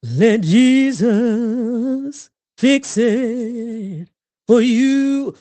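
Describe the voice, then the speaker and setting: A woman voicing an old churchgoing grandmother who is warm and bossy and talks in a slow, drawling, preachy way. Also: fairly high pitch, pitched above the performer's own voice.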